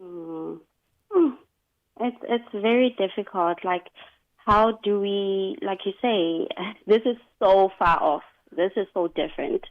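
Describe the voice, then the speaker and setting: A woman co-hosting a radio talk show, speaking in an unhurried, thoughtful way with many fillers. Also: medium pitch, no room sound, narrow, tinny audio.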